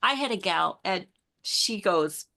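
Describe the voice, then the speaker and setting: A woman's voice: medium pitch, lively intonation, slow pace, vocal fry, pushed and bright. A middle-aged woman, an author and intuition coach, chatting in an interview and acting out the conversations she tells about. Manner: enthusiastic storyteller, acts out quoted exchanges, repeats and restarts words. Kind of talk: casual spiritual interview chat.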